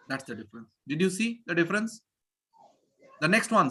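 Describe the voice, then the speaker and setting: A woman teaching English pronunciation in a live online class over a video call, drilling students and repeating words slowly with clear stress. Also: on the low side, very animated, a bit bright.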